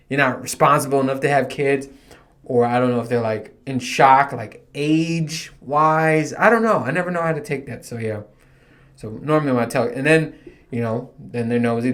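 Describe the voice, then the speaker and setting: A man in his thirties hosting his own podcast, rambling in a casual, profane, self-mocking monologue. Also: mid-range voice. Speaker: podcast host.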